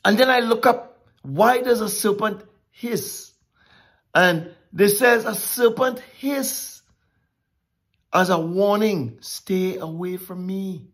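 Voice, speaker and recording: A woman preaching a sermon, emphatic and drawn-out with dramatic pauses. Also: medium pitch, lively intonation, breathy edge.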